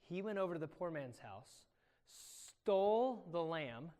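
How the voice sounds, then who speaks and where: A man, a pastor, telling a Bible story to children in an animated way and quizzing them by name. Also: fairly high pitch, measured pace. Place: church. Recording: echoey church hall.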